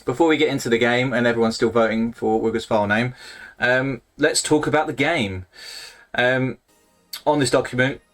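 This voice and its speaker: A man co-hosting a live gaming stream, chatting in a relaxed, self-deprecating way and laughing easily. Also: mid-range voice, normal speed, soft background music. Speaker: co-host running the stream. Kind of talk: casual live-stream chat.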